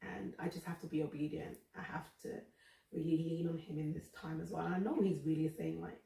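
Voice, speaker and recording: A woman's voice: low voice, steady tone, brisk, creaky, mellow. A woman hosting a faith podcast, talking candidly and emotionally about her personal struggles. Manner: earnest, emotional, confessional. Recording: roomy echo, distant from the mic.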